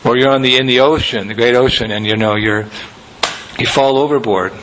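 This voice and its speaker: Brief: male spiritual teacher, relaxed anecdotal sermon, soft chuckles, faint noise behind. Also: mid-range voice, fairly quick, low-quality recording. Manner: conversational, anecdotal, with soft laughs.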